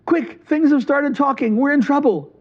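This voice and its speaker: Frantic high storybook farmer, voiced by a man, urgent, lo-fi. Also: measured pace, mellow, heavily acted. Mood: panicked. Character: panicked, breathless male farmer fleeing talking things.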